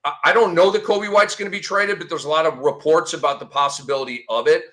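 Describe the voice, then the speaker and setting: Bright-voiced, excitable man hosting. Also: on the high side, fast. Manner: excitable, with exclamations. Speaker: show host. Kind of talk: casual sports podcast chat.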